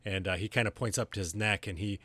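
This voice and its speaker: A man's voice: on the low side, fairly even intonation, fast talker, pushed and bright, breathy edge, dry recording. A man narrating as game master of a tabletop game, rambling with lots of fillers.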